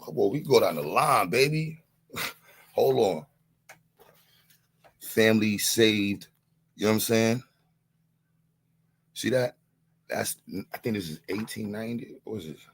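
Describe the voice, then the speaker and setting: A man's voice: on the low side, animated, a little slow, pauses often, breathy edge. A man on a live-stream panel, boasting and taunting, leaning on the same catchphrases again and again in a heated rant.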